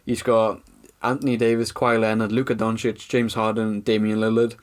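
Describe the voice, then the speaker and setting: A man's voice: lowish voice, little pitch movement, fairly quick. Guy on a podcast, teasing, chatty, laughs a lot. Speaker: podcast co-host. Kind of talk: casual sports chat.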